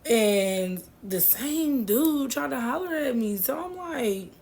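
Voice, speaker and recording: A woman's voice: a little high, expressive, slow, darkish tone, a little hiss or hum. A woman casually telling a personal story to her viewers, slangy and laughing as she goes.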